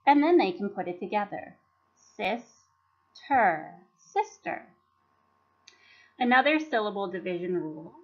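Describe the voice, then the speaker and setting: A woman giving a scripted teaching presentation, carefully sounding out syllables and words. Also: mid-range voice. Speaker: teacher presenting professional development. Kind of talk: scripted instructional narration. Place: voice-over for slide presentation. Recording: dull lo-fi recording.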